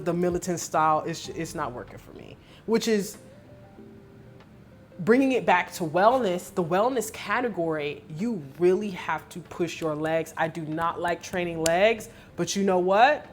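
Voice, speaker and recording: A woman fitness coach giving a candid vlog recap, telling her story in an emotional, expressive way with lots of fillers. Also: lowish voice.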